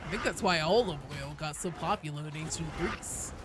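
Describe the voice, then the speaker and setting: A woman's voice: deep voice, fairly quick. A woman streaming a game, chatting casually with her chat, joking around and cursing freely. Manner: chatty, swears freely, jokey. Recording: noisy home stream audio.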